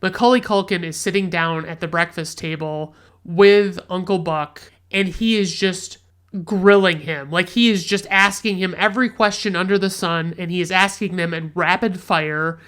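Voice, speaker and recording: A man's voice: high-pitched, fairly even intonation, moderate pace, a bit bright, clear, resonant tone. A man hosting a podcast, casually recapping a film in a rambling, profane, enthusiastic way. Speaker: podcast host, film reviewer.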